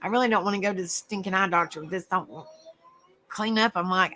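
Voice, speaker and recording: Bright-voiced Southern woman chatting. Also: medium pitch, fast talker, faint music behind. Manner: laughs often, folksy and chatty. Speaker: livestream host reading chat. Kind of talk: casual chat.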